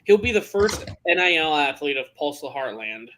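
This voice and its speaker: A man's voice: fairly high pitch, big pitch swings, normal speed, bright, forceful tone, a little hiss or hum. A man co-hosting a sports podcast, chatting casually and joking with frequent restarts. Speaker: podcast co-host.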